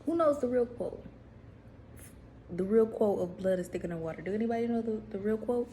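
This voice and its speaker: A woman, casually preaching to viewers in a vlog, animated, repeating herself and putting questions to the audience. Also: medium pitch, a little fast, a little hiss or hum. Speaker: faith vlogger.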